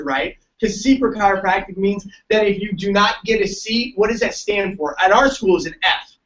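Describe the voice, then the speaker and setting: A man's voice: high-pitched, expressive, fairly quick, hardly any pauses, a bit bright, recorded from a distance, dull audio, a little hiss or hum. A man giving a joking, story-filled motivational talk to students at a large event. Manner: joking, tells stories, laughs often. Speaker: keynote speaker.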